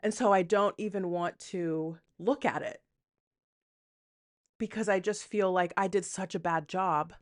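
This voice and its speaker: Frank, rambling woman podcaster, low voice. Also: a little slow. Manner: rambling, self-deprecating, frank with swearing; quotes her own inner thoughts aloud. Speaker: podcast host. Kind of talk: candid solo podcast monologue.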